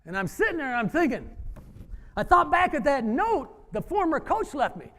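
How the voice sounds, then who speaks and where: A former wrestling coach telling a story to an audience, acting out the dialogue in an animated way. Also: male voice, extremely high pitch, moderate pace. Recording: hall reverb.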